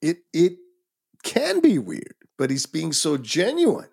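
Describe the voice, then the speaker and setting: A man's voice: fairly high pitch, huge pitch swings, slow pace, gravelly, a little mellow, slightly rough. A male podcast co-host in casual film discussion, thinking aloud and reflecting on characters.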